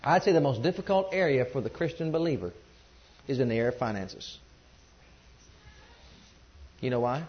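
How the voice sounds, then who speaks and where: A man's voice: medium pitch, expressive, moderate pace, pauses often, dull audio. A man preaching a sermon and calling on the congregation to join in. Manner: emphatic, calls on the congregation to respond.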